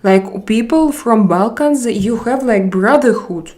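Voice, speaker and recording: Slow, hesitant woman streamer. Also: on the high side, lively intonation, a little mellow. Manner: hesitant, searching for words with many pauses. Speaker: livestream host. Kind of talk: casual livestream chat, reading comments aloud.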